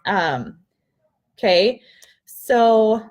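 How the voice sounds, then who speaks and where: A woman's voice: mid-range voice, big pitch swings, very slow, darkish tone. A young adult woman giving a casual live-stream coaching talk to her sales team, upbeat and chatty, often laughing and greeting viewers by name.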